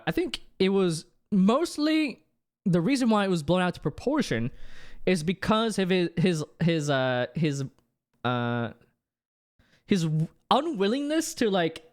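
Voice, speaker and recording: Young man, live-stream chat, lively swooping pitch, rambling with restarts. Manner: rambling, many restarts and fillers, bursts of laughter.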